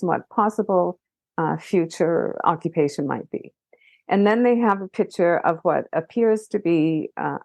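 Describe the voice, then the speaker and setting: An animated woman speaks as a podcast guest. She stops and restarts her sentences, and her voice climbs as she presses a point. The recording is dry and close. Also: fairly low pitch, vocal fry, no echo. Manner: animated, many restarts, rising emphasis. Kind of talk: casual conversation.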